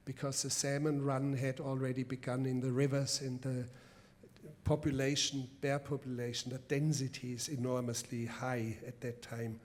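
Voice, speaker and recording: A man with a German accent, a film director at a public masterclass, answering a question with a deliberate, emphatic anecdote. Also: medium pitch, little pitch movement. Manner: deliberate, emphatic storytelling with restarts. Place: festival event before a live audience.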